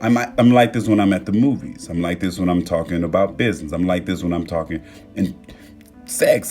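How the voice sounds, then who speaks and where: A young man hosting a casual motivational livestream, animated and freely swearing as he talks straight to his viewers on a phone mic. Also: low voice, fairly quick, faint music behind. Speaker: livestream host.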